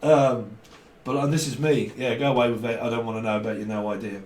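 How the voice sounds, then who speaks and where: A man's voice: mid-range voice, steady tone, a little fast, a little mellow. A British man giving a rambling, casual tarot reading, joking and laughing often, slipping into slang. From Britain. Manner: chatty, jokey, laughs often, slips into slang and mock voices. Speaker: tarot reader. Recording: echoey room, distant mic, faint noise.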